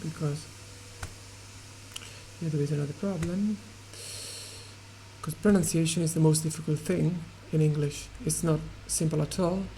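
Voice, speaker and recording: A man teaching an English pronunciation lesson, hesitating often with fillers and restarts and repeating words slowly to model their sound. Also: fairly high pitch, fairly even intonation, vocal fry, warm tone, slight background noise, low-quality recording.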